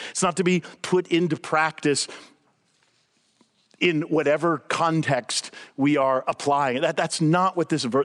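An older man with a fairly high voice preaches a sermon as a guest speaker. He is conversational and animated, repeating his points to drive them home.

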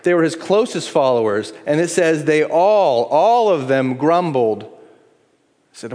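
A middle-aged man preaching a sermon as pastor, earnest and pleading, moving between hushed appeals and lively acted-out asides. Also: fairly high pitch, normal speed. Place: church sanctuary. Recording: long reverb in a large hall.

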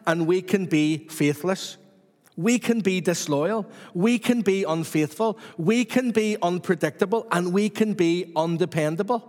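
A man's voice: sits high, a little mellow, big-room sound. A man preaching a sermon to his church with repetitive, rhythmic emphasis.

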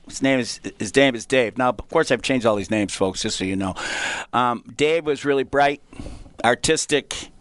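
A man's voice: medium pitch, fairly bright tone, clean tone, no room sound. A man hosting a radio segment, telling a story in a folksy way and talking to listeners as folks. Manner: folksy, addresses listeners as folks, acts out voices in stories. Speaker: radio show segment host, teacher. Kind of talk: storytelling on a talk show.

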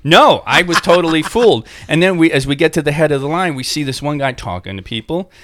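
A man co-hosting a casual chat, telling an animated story and acting out what people said. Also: a little high, quick pace, no room sound, clean studio sound. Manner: animated storyteller, acts out quotes.

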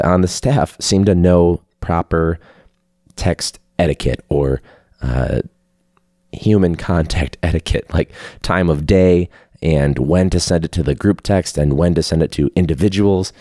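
Deep, mellow-voiced man ranting casually. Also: a little slow, no room sound, studio quality. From Chicago area. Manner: rambling, candid, profane, with frequent fillers. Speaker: podcast host, teacher. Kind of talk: casual solo podcast chat. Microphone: phone hooked up to a video call.

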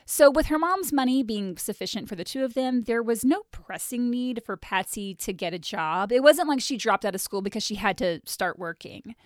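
Dry, higher-voiced woman storyteller. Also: normal speed, hardly any pauses, no room sound. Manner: wry, animated storyteller who reads from notes. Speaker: podcast host. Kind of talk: scripted storytelling mixed with casual chat.

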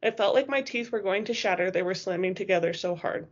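A woman narrates a first-person novel with steady expression. Her voice sits at a middling pitch. The recording is muffled and lo-fi. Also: quick pace. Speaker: audiobook reader.

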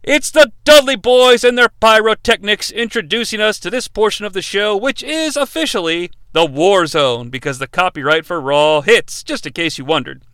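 Man, podcast host, sarcastic recap, high lively voice, crisp dry sound. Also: normal speed, hardly any pauses, dry recording. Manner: sarcastic, joking, with swearing asides. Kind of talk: casual wrestling recap narration.

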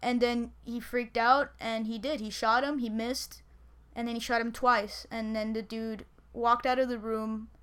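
A woman's voice: fairly high pitch, flat delivery, a little slow, few pauses, a bit bright, smooth. A woman co-hosting a podcast who retells a crime story in loose, profane casual chat and often trails off. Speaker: podcast co-host.

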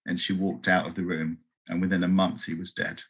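A man telling a long story as an interview guest, slipping into the voices of the people he quotes. His voice sits a little low and sounds bright and forward. It has a husky edge. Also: fairly quick. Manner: animated, acts out voices in quotes.

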